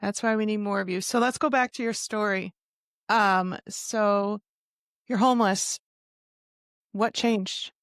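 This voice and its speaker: A woman hosting a podcast interview, speaking softly and reflectively, moved by her guest. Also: medium pitch, steady tone, unhurried, pauses often, smooth, no room sound, clean studio sound. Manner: soft, emotional, reflective. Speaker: podcast host. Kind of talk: conversational interview.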